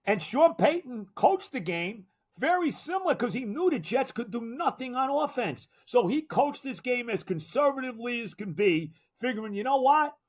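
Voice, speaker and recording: A man's voice: extremely high pitch, sing-song, normal speed, few pauses, slightly rough. Exasperated older man ranting about sports. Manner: exasperated, emphatic, repeats himself. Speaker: sports podcast host. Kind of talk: solo sports rant.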